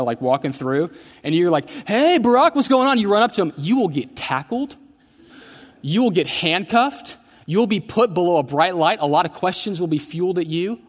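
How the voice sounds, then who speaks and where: Male pastor, sermon, chatty storyteller with humor; slightly high voice, echoing church hall. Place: church sanctuary. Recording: long church hall reverb.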